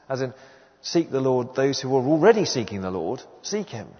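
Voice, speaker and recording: A man's voice: medium pitch, very animated, moderate pace. Guy preaching in a church, earnest and emphatic, voice rises and falls a lot, long hall echo, kinda dull sound. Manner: earnest, emphatic, repeats key phrases. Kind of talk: sermon.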